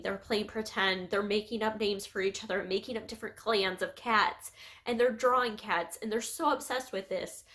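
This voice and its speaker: A woman in her thirties talks about books for her channel in a casual, heartfelt way. She is on the verge of tears, pauses often and fills gaps with soft "um"s, and her voice sits at an ordinary middle pitch. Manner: earnest, heartfelt, with many "um"s and pauses. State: emotional, close to tears. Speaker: book vlogger.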